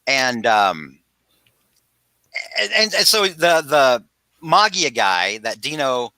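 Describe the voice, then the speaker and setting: A man hosting a casual podcast, recapping a comic book in a rambling, animated way with frequent restarts. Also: medium pitch, takes it slowly, dry recording. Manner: rambling, animated, self-interrupting storyteller. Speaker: podcast host.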